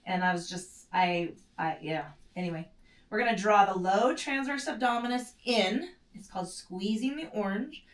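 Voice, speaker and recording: A woman with a mid-range voice leads a mat pilates class at a moderate pace, casually correcting herself and taking short, strained breaths as she does the moves too. She's picked up from a distance in an echoey room.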